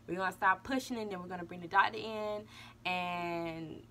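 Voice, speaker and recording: A woman's voice: lowish voice, steady tone, moderate pace, a bit bright, slight background noise. A young woman vlogger casually telling a birth story and talking straight to her viewers. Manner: chatty, addresses viewers as y'all.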